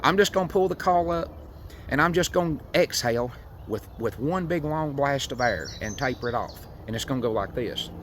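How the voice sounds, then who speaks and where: A man from Tennessee gives a folksy, unhurried demonstration of hunting calls, with frequent fillers. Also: mid-range voice, expressive, fairly bright tone, slight background noise. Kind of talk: outdoor how-to demonstration.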